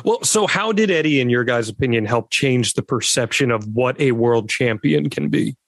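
A man's voice: mid-range voice, animated, normal speed, no room sound. A man hosting a podcast, asking upbeat follow-up questions. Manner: upbeat, asks follow-ups. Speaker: podcast host. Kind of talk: interview questions.

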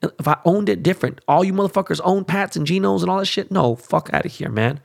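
Gravelly-voiced blunt podcast host, a man. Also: sits high, animated, fast. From Los Angeles. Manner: blunt, heavy swearing, keeps asking "okay?". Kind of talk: casual profane podcast rant.

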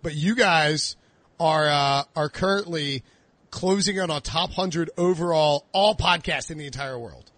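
A man's voice: fairly high pitch, measured pace, fairly bright tone, no room sound. A man hosting a casual fantasy football podcast chat, talkative with fillers.

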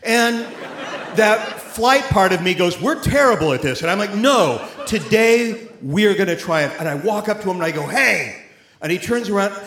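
A man telling a personal story on stage at a live event, animated and often laughing as he speaks. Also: high voice. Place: theater stage before an audience. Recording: roomy live hall with faint noise.

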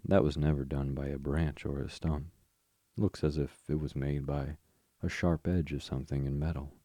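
A clever male water rat urges his friend on eagerly in a bedtime tale, voiced by a man. The voice is deep and dark, close and dry. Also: level tone, normal speed, no room sound. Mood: kindly. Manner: eager and impatient. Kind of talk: bedtime story reading.

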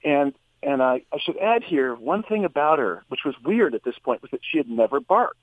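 Male therapist guest calling in by phone, slightly higher voice, animated storyteller, dry thin sound. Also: normal speed, no room sound. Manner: animated storyteller, voice rises for quoted lines. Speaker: psychotherapist guest. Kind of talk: anecdotal storytelling. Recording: tinny phone line.

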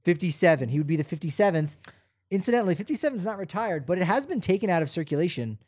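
A man's voice: sits high, rapid-fire, no room sound, clean studio sound. A man co-hosting a podcast, chatting casually and rambling with fillers. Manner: relaxed, rambling, many fillers. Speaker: podcast co-host. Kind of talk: casual sports chat.

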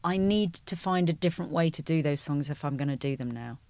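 A woman's voice: low voice, a little fast, darkish tone, no room sound. A middle-aged woman, a musical theatre performer, chatting as a guest in an interview and telling stories, often saying "you know". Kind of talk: conversational interview.

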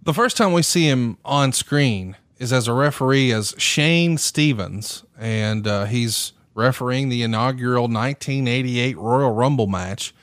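A man hosting a podcast, reading a prepared history in a steady, measured way with small fillers. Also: mid-range voice, dry recording, clean studio sound. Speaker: podcast host.

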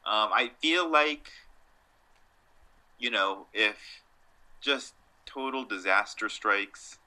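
This young man's fairly low, sharp voice carries a dry, wry style as he co-hosts a laid-back sports podcast. He plays deliberately dumb for comic effect.

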